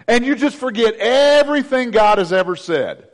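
Preacher dude, chatty sermon, cracks little jokes, kinda high voice. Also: male voice, normal speed, few pauses, a bit bright. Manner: conversational, joking asides. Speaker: pastor.

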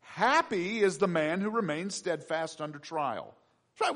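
A middle-aged man preaching with a lively voice that climbs and dips across a wide range and sits slightly high for a man. He punches key lines loudly, then drops into quiet asides. He acts out his own prayers and the voices he quotes. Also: normal speed. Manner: animated, swings between loud emphasis and quiet asides. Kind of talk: sermon.

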